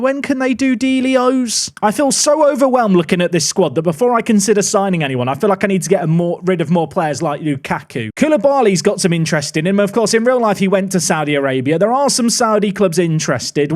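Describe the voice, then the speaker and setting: Gaming commentator, male, higher register with a bouncy, animated delivery; wry, thinks out loud at a desk mic. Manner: chatty, wry, thinking aloud while playing. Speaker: gaming YouTuber. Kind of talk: casual gameplay commentary.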